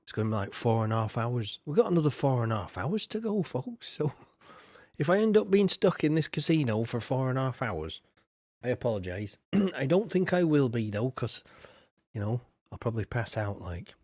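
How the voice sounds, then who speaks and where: Casual male streamer, mid-range voice, dry and close, rambling chat with frequent throat clearing. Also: medium pitch, big pitch swings, normal speed, darkish tone, dry recording. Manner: rambling and chatty, often clears his throat. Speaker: game streamer. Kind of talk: casual live-stream commentary.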